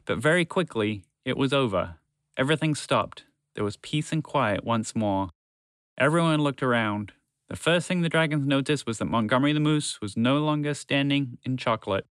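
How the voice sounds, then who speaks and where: A man reading a children's story aloud in a lively way, switching into voices for the characters. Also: mid-range voice, moderate pace, clear, resonant tone, no room sound, studio quality.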